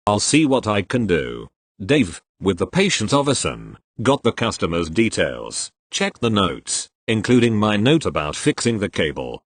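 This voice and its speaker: A man's voice: on the low side, very animated, measured pace, husky, no room sound. A man reading tech-support stories aloud with a dry storytelling delivery, giving quoted lines small voice shifts. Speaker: narrator reading posts aloud.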